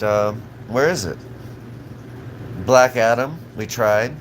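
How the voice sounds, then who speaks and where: A man's voice: medium pitch, slow pace, soft background music, poor audio. Profane, rambling man ranting. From Southern California. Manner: profane, agitated, rambling with frequent restarts. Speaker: live streamer. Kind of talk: rambling live-stream rant.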